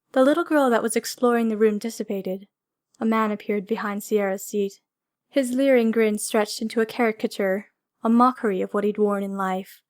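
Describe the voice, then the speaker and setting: A woman narrating a fantasy audiobook in a measured, descriptive way. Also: mid-range voice.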